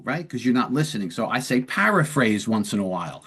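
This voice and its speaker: A man's voice: mid-range voice, sing-song, brisk, a bit bright, breathy edge. A man hosting a long-form interview, explaining de-escalation techniques in a conversational way and acting out short example dialogues. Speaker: podcast host and police lieutenant.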